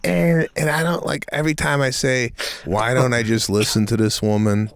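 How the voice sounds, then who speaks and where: A man's voice: mid-range voice, fairly even intonation, moderate pace, gravelly, no echo, clean studio sound. A man co-hosting a podcast, chatting casually and emphatically, acting out quotes with gusto. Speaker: podcast co-host. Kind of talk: casual chat.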